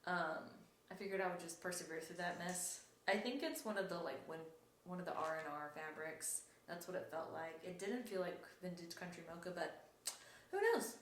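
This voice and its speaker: A woman's voice: on the low side, steady tone, a little fast, a bit bright. A young woman hosting a cross-stitch vlog, chatting casually and rambling, often correcting herself. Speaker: flosstube host. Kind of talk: casual show-and-tell vlog. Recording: echoey room with faint noise.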